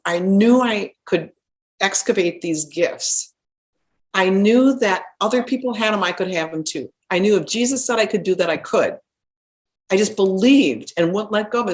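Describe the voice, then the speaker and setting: A middle-aged woman, a spiritual healer, earnestly telling a personal story with animated restarts. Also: medium pitch.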